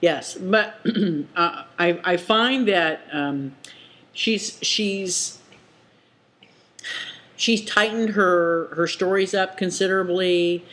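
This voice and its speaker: A woman co-hosting a podcast, chatting casually about books in a laid-back, joking way, with quick short replies. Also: lowish voice, a bit bright. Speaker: podcast co-host. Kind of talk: casual book chat.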